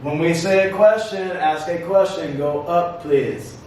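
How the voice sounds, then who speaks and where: A man teaching an English class, slowly modeling words and phrases for students to repeat. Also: fairly high pitch, a little mellow, heavy reverb, recorded from a distance, a little hiss or hum, poor audio. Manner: slow, deliberate, drawn-out modeling of words. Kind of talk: classroom lesson, slow repeat-after-me drills.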